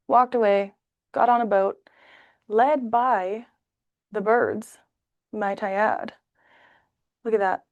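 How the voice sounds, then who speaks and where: A woman giving a casual tarot reading to camera, talking in a chatty, animated way and acting out short bits of dialogue. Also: a little high, no echo, highs cut off. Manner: chatty, animated, acts out little voices. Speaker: tarot reader.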